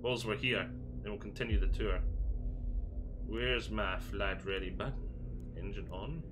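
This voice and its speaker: A Scottish gaming video creator, speaking unhurriedly in a fairly low voice, gives a relaxed, jokey walkthrough of a video game while thinking out loud. Background noise can be heard.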